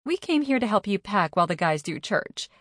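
A woman's voice: medium pitch, big pitch swings, fairly quick, fairly bright tone, dry recording, clean studio sound. A woman doing a brash, wisecracking pregnant woman. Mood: amused. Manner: wisecracking and offhand.

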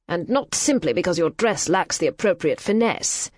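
A woman voicing a haughty male footman in an audiobook, speaking slowly and sternly with disdain. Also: on the low side, animated. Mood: disdainful.

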